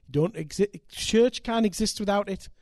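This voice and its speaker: An older man, preaching a sermon and telling stories with animated, emphatic delivery. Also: high-pitched, moderate pace, no echo. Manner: animated, building to loud emphatic peaks. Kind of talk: sermon with storytelling.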